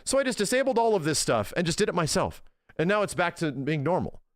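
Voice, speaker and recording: A man's voice: on the high side, very animated, quick pace, dry recording, studio quality. A man in his thirties chatting casually to his stream viewers, ranting in an exasperated way and swearing often.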